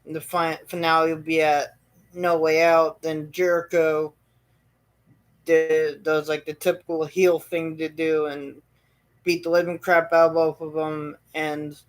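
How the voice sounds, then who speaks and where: A man's voice: fairly high pitch, flat delivery, measured pace. A man hosting his own show, telling a long story in a rambling way with many fillers and restarts. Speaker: show host. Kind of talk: casual storytelling.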